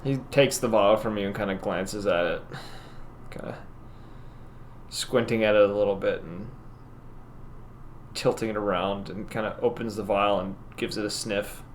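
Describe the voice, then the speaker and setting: A man running a tabletop game as game master, narrating scenes in a relaxed, rambling way. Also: lowish voice, moderate pace, pauses often, slight background noise. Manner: relaxed, rambling descriptions with laughs.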